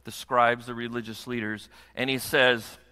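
A man's voice: mid-range voice, flat delivery, normal speed, sharp tone, smooth. A pastor preaching a sermon to his congregation, often asking them rhetorical questions. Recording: long hall reverb.

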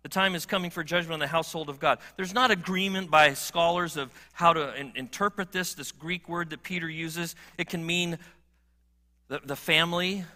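A middle-aged male pastor preaching a sermon, earnest and swinging from emphatic appeals to quiet, low moments. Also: steady tone, moderate pace.

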